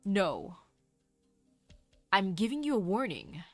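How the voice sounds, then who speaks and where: A cool, low-voiced stranger, as a woman puts her on, lets each warning land slowly and without hurry. The menace stays veiled under polite words. The recording is close and dry. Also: sing-song, no room sound, faint music behind. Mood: ominous calm. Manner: slow, measured, veiled menace. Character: calm ominous stranger giving a cold warning.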